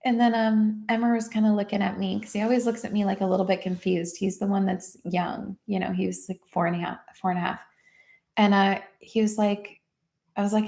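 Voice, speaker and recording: Woman livestream host, casual coaching talk, animated storyteller, slight vocal fry. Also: mid-range voice, fairly quick. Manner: chatty and animated, quotes others in lively voices, laughs readily. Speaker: host of an emotional healing livestream.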